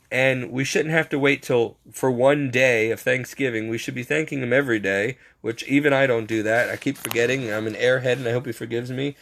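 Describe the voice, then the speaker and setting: A man with a gravelly, medium-pitched, fairly bright voice gives a casual faith monologue. He rambles like a storyteller, pokes fun at himself, and chuckles frequently.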